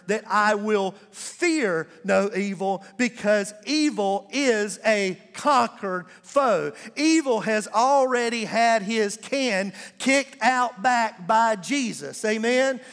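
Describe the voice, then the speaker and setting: A man preaches to his church congregation, leaning hard on key words and slowing right down for scripture lines. His voice rings out with the long reverb of a large hall. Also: sits high, a bit bright. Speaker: pastor. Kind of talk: sermon. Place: church sanctuary.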